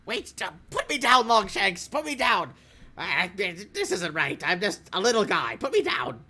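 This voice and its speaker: A man voicing a scared little creature caught spying, stammering and pleading in a high voice. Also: sing-song, unhurried, fairly bright tone, exaggerated voice. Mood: panicked. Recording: faint background noise.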